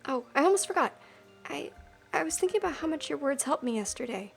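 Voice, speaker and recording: A woman's voice: high-pitched, animated, quick pace, creaky, faint music behind. A woman voicing a timid young adventurer in a game, talking eagerly and gratefully. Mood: earnest. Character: timid young adventurer setting off on first quest, nervous but hopeful.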